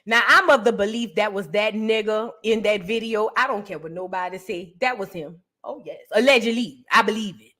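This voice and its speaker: A woman's voice: mid-range voice, moderate pace, fairly bright tone. A woman hosting a casual reaction commentary, talking in a blunt, crude and mocking way. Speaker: commentary host.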